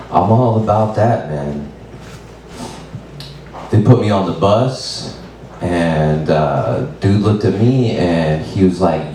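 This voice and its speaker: A man doing open mic stand-up, laid-back and deadpan with lots of swearing. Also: low-pitched, slow pace, long pauses, far from the mic. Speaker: stand-up comedian. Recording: very echoey room, mic from afar, faint noise.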